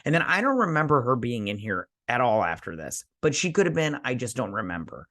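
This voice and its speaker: A man's voice: mid-range voice, fairly quick, no echo, studio quality. A man in a medium voice gives a loose, chatty recap of a television episode. He slips in and out of quoted lines with playful asides and plenty of filler words. He speaks as the host of a review show. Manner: animated storytelling, acting out characters' lines with fillers.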